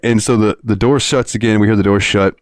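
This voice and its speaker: Rambling through a story with plenty of laughter and free swearing, the Florida co-host talks a little fast in a lowish, steady voice. His casual podcast chat comes through echo-free with clean studio sound.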